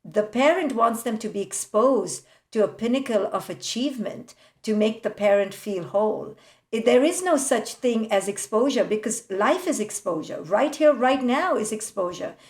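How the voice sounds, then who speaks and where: A woman psychologist, the guest in a podcast interview, telling animated stories about parents and laughing often. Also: a little high, normal speed. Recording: roomy echoey room.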